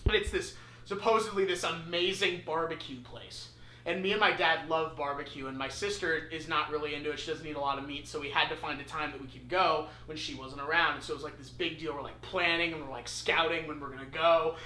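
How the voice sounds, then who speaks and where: A young man casually telling a funny story, animated and swearing, acting out the people in it. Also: fairly high pitch, brisk. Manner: animated, swearing, acts out voices. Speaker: podcast host. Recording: echoey room with faint noise.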